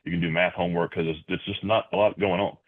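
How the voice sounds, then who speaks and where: A man talking as a podcast guest in conversational interview answers, measured and full of "you know" and repeated words, heard over a tinny remote line. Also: low voice, fairly even intonation.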